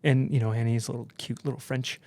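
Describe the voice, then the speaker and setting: A man, a podcast guest, telling a story in an animated, casual way, with lots of swearing and fillers. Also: mid-range voice, brisk, creaky, dry recording. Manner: animated, profane, heavy use of "like".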